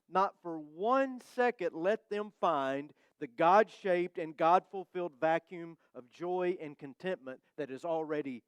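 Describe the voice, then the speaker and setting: Clear-voiced man preaching a sermon. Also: high-pitched, no room sound. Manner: conversational, warm-humored preaching with slow emphatic phrases. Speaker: pastor. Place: church sanctuary.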